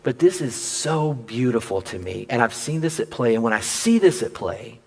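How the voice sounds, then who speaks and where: A man preaching a sermon, telling a personal story and acting out the dialogue with lively swings in his voice. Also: normal speed. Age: adult father. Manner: animated, acts out quoted dialogue with big pitch jumps. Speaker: pastor.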